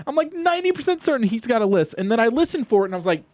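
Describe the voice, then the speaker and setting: A man's voice: very high-pitched, sing-song, racing, a little mellow, dry recording. Young man telling stories, dry close sound. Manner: storytelling, repeats words while thinking. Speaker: podcast co-host. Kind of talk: casual chat.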